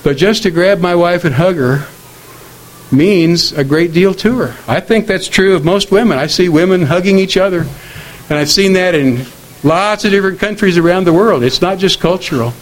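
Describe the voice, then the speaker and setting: A middle-aged man preaching a sermon on marriage in a measured, earnest way, slowing down to quote scripture. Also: high voice, low-quality recording.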